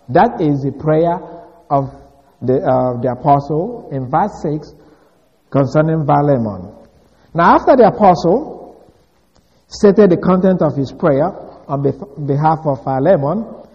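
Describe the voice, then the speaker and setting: A man preaching an explanatory Bible lesson in measured, short phrases. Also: a little high. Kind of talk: expository Bible teaching. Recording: dull recording with long hall reverb.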